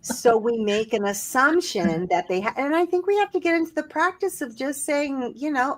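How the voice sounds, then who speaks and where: Woman telling stories, animated. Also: high-pitched, moderate pace. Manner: storytelling, animated when quoting others. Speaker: podcast co-host. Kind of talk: casual conversation.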